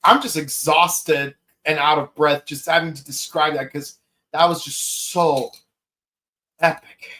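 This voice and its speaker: A man in his thirties hosting a podcast, gushing through an excited solo review with many fillers and exclamations. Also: a little high, measured pace. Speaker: podcast host reviewing an episode.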